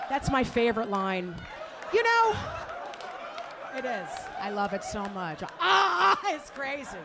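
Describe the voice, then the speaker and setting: A woman's voice: mid-range voice, moderate pace, very noisy. A woman comedian doing a stand-up set on a comedy club stage, brash and crude as she teases the crowd into a handheld mic.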